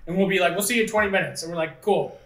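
A woman's voice: on the low side, rapid-fire. A woman from Canada, rambling profanely in casual chat, full of "like". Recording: roomy, distant from the mic.

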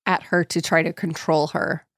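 A woman co-hosting a casual chat, reading a horror passage slowly and deliberately, with joking asides. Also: sits low, level tone, dry recording, studio quality. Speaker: podcast co-host.

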